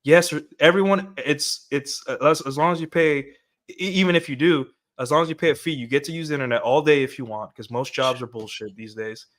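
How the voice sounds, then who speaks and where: A man's voice: fairly high pitch, fairly quick, a bit bright. Rambling man on a podcast. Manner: rambling, full of restarts and fillers. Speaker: podcast co-host. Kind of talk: casual podcast discussion.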